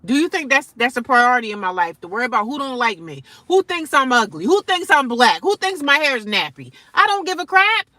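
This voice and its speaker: A woman in her forties vlogging straight to her viewers, defiant and sarcastic, jumping from loud outbursts to low mutters. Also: sing-song, a little fast, few pauses, no room sound. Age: 40s. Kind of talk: casual direct-to-camera rant.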